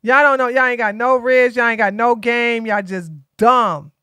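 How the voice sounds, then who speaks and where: A woman's voice: a little high, fairly even intonation, normal speed, bright, forceful tone, clean tone, no echo. A tired woman from Georgia, hosting a casual political live stream and talking bluntly to her chat. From Georgia, USA. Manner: blunt, sassy, talks straight to chat.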